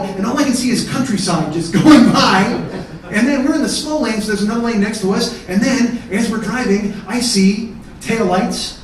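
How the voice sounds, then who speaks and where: Man, stand-up comedian, very high voice, echoey theatre heard from a distance, faint crowd noise. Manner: profane, escalates to shouting in acted-out arguments. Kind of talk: stand-up storytelling. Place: theatre stage before a live audience.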